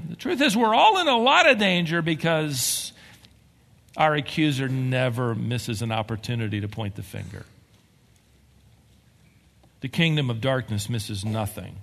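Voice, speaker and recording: Animated pastor preaching in a hall. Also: male voice, a little high, vocal fry. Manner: animated storytelling, emphatic swings. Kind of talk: sermon.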